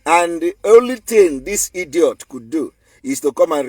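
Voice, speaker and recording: A man's voice: fairly high pitch, animated, a little slow, a little mellow, breathy edge, no room sound. A man with a Nigerian accent giving an emphatic, defiant online commentary, repeating his points for force. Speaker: political commentator.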